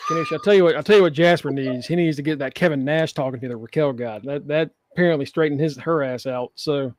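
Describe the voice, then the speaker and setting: A man's voice: a little high, quick pace, a little hiss or hum. A man co-hosting a wrestling podcast in casual chat, joking, swearing freely and acting out wrestlers' lines. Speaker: podcast co-host.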